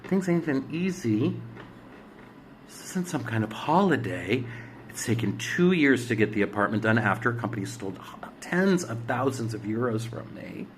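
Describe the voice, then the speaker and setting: A man hosting a spiritual astrology talk, giving blunt, preachy exhortations with swearing, swinging from loud urging to hushed asides. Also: medium pitch, animated, moderate pace, slight background noise. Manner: commanding exhortations. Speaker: spiritual astrology show host. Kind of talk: emphatic motivational monologue.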